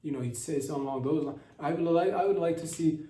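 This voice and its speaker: A man's voice: on the high side, fast, dark tone. Brief: young male comedy host, meandering and sarcastic, in an echoey room away from the mic. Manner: rambling, trailing off, sarcastic. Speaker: podcast host. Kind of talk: comedic monologue. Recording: roomy sound, mic at a distance.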